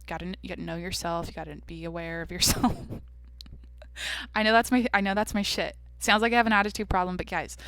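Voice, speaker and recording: A woman's voice: on the low side, steady tone, fast, fairly bright tone, no echo. Brash, foul-mouthed young woman host. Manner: brash, profane, blunt. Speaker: podcast host. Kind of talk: casual solo podcast chat.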